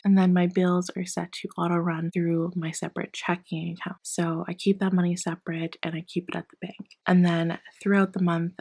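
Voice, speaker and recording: A woman vlogging about her budget in a casual, chatty way, a little hoarse as she loses her voice, often counting cash out loud. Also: on the low side, steady tone, normal speed, hardly any pauses, no room sound, low-quality recording. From Canada. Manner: chatty, apologetic, counts bills aloud. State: losing her voice. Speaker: personal finance vlogger.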